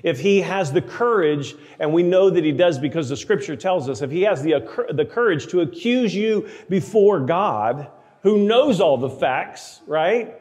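A man preaching a sermon, emphatic, slowing down to read scripture aloud. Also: on the high side, animated, darkish tone, big-room sound. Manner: emphatic, slows for scripture readings.

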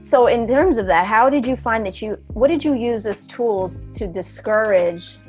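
A woman's voice: a little high, normal speed, darkish tone, faint music behind. A woman hosting an interview, asking questions and affirming her guest in an encouraging way. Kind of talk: conversational interview.

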